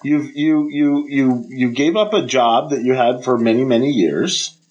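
A man's voice: mid-range voice, a little slow, muffled recording. A man co-hosting a podcast, casually asking questions and teasing his co-host. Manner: lively, prodding questions, teasing. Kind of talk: casual chat.

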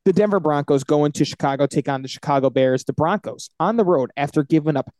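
A man co-hosting a casual sports podcast, animated and confident as he runs through his football picks. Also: fairly high pitch, quick pace, no echo. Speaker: podcast co-host.

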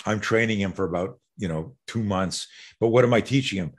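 A self-defense instructor telling an animated story in casual conversation, swearing freely. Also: male voice, lowish voice, a little fast, slightly rough.

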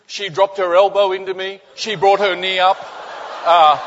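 A man preaching a sermon, telling a personal story with lively, halting storytelling and softening to quiet, intimate tones. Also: high voice, big-room sound, dull audio, a little hiss or hum. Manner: animated storytelling, many restarts, drops to soft intimate tones. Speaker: pastor.

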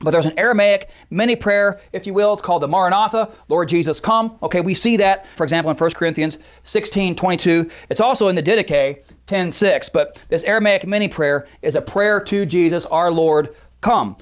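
A man's voice: sits high, a little fast. A man teaching a lecture on early Christian belief, explaining points step by step and stressing key words while citing verses. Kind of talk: apologetics lecture.

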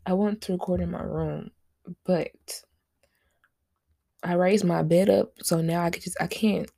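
Young woman host, AAVE, loose and joking, low husky gravelly voice, dry close sound. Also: fairly even intonation, normal speed, mellow, no echo. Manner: loose, joking, cusses and laughs. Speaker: podcast host. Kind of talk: casual solo podcast chat.

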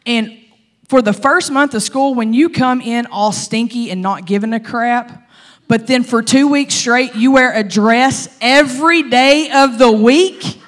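A woman pastor preaching in an animated, humorous, conversational sermon style. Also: a little high, a little slow.

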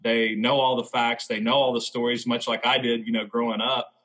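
A man, a former baseball player, telling his faith testimony as a podcast guest in a reflective, halting way. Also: medium pitch, flat delivery, fairly bright tone, husky, poor audio.

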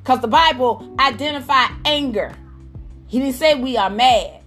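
A woman's voice: high voice, moderate pace, a bit bright, faint music behind. A woman preaching a fervent sermon, calling out to her listeners and exclaiming praise as she goes.

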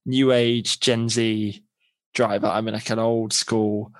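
A man's voice: lowish voice, little pitch movement, takes it slowly, dry recording. A man co-hosting a podcast, chatting casually with a dry, joking manner. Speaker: podcast co-host. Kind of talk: casual chat.

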